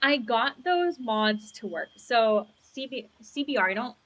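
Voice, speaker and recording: A woman's voice: on the high side, animated, a little slow, a bit bright. A young woman chatting casually while streaming a game, rambling and upbeat, on a lavalier mic at home. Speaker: gaming streamer. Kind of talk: casual live-stream chat.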